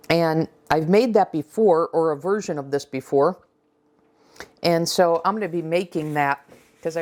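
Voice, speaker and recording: A woman's voice: fairly low pitch, darkish tone. A woman hosting a casual cooking vlog, talking chattily with fillers and restarts as she runs a taste test. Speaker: cooking channel host.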